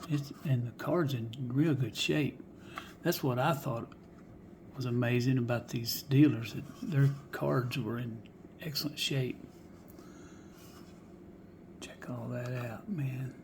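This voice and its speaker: A man's voice: mid-range voice, steady tone, slow, long pauses, darkish tone, a little hiss or hum. A man showing off die-cast cars in a casual vlog, folksy and musing aloud, often dropping to a whisper. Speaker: die-cast car collector showing finds. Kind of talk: casual show-and-tell vlog.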